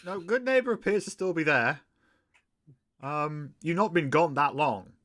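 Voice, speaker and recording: A man narrating as game master of a tabletop game, relaxed and full of fillers. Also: a little high, a little slow.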